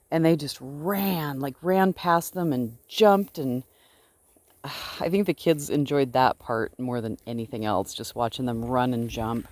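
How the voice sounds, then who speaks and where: A woman's voice: rumbling low, a little mellow. A woman filming a casual vlog outdoors by a pasture, chatting and cooing at her sheep in a sing-song voice. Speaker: sheep farmer. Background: faint sheep bleats.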